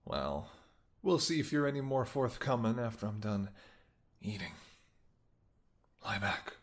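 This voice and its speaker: A smug, flirtatious vampire purrs in a low, soft murmur, teasing his captive in a whispered role-play, as a man acts him out. His lines slip between hushed seductive talk and breathy whispers. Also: lively intonation, a little slow. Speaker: voice actor.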